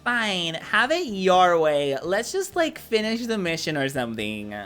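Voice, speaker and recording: A man's voice: high voice, big pitch swings, unhurried, a bit bright, clear, resonant tone, faint music behind, pitched above the performer's own voice, heavily acted. A man voicing a caring but bossy young female daemon in a game, in a valley girl voice. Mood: scolding.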